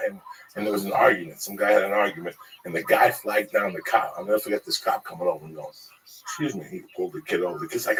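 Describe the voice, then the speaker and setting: A man's voice: on the low side, fast, a crowd in the background. Profane, rambling man telling street stories. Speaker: storyteller in a group conversation. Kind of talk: casual profane storytelling. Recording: distant mic with clear background noise.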